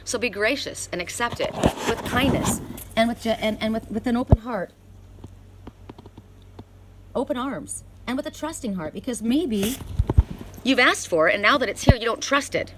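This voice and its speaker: A woman's voice: a little high, normal speed, background noise. Earnest woman reading oracle cards outdoors. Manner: earnest, emphatic and encouraging, with bursts of excitement. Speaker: oracle card reader. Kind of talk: outdoor tarot-style card reading. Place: outdoors in the cold by an inn.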